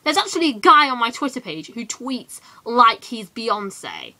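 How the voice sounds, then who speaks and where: A teenage woman from England ranting in a casual vlog, animated and full of quick asides. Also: on the high side. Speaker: vlogger.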